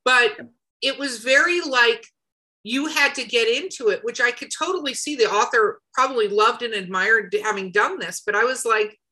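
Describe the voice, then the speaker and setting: A woman with a bright, forceful tone hosting a relaxed podcast chat, with a slight cough now and then. She talks in an animated way and slips into little voices when she quotes people. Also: a little high, normal speed, low-quality recording. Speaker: podcast host and editor.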